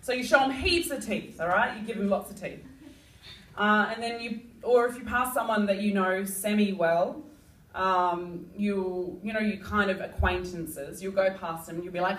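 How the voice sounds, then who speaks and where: A woman's voice: medium pitch, normal speed, a bit bright. A young Australian woman doing a stand-up comedy set, rambling and giggly, with lots of "like" and "um". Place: comedy club. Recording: echoey club mic heard from far off. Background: audience room noise.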